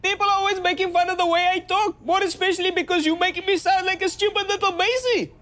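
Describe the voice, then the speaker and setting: A man's voice: very high-pitched, steady tone, fast talker, fairly bright tone. A man impersonating an indignant young woman who is touchy and complaining.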